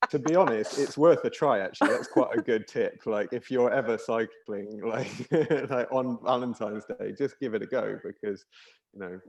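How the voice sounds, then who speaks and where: A man's voice: mid-range voice, normal speed, gravelly. A man on an online panel debate, talking casually and rambling with many fillers.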